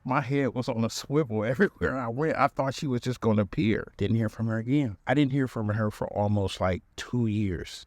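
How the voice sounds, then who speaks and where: A male podcast host telling a comic dating story in an animated, conversational way, acting out the voices he quotes. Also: medium pitch, dry recording.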